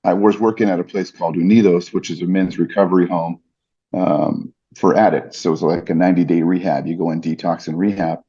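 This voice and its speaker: A man's voice: deep voice, fairly even intonation, a little fast, warm tone, breathy edge, muffled recording. A man, a podcast guest and ring announcer, earnestly retelling a personal story with vivid detail and fillers.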